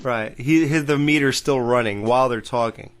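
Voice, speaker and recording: A man's voice: medium pitch, moderate pace, background noise. A man hosting a podcast, casually recapping a sitcom episode and laughing along. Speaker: podcast host.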